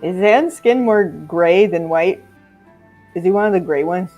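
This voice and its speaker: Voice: medium pitch, a little slow, a little mellow, lo-fi sound. A player at a tabletop game chats and asks questions in a mid-range voice, with some hesitant restarts. Faint music plays underneath. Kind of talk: casual tabletop play.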